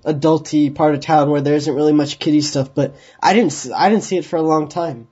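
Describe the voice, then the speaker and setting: A man's voice: on the high side, fairly even intonation, brisk, mellow, husky. Teasing male podcast host, muffled sound. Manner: teasing, joking. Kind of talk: casual chat. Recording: dull lo-fi voice chat.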